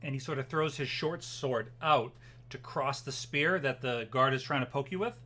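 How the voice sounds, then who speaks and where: A man's voice: mid-range voice, moderate pace, sharp tone. A man narrating as game master of a tabletop game, loose and hesitant with plenty of fillers.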